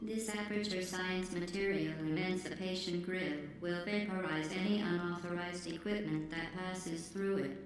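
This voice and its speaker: A woman voicing GLaDOS, a cold, polite female AI who runs a test lab, speaking in a calm, formal announcer manner. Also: lowish voice, normal speed, hardly any pauses, slight background noise, close to an everyday voice. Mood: coolly formal. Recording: heavily echoing game audio with music.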